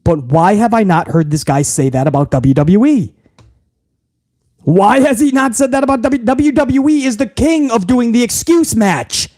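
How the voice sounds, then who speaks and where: In an extremely high-pitched, slightly mellow voice, a New York wrestling podcast host rants casually, swearing heavily and dripping with sarcasm.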